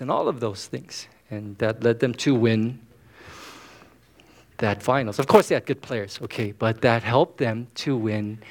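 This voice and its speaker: A man preaching a sermon as pastor, casual and joking, with frequent "okay?" asides. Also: medium pitch. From United States.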